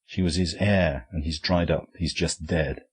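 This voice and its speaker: Guy doing a husky gruff army captain, low and curt. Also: fairly even intonation, a little slow, full character voice. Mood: grieving. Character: rough, tough male army captain.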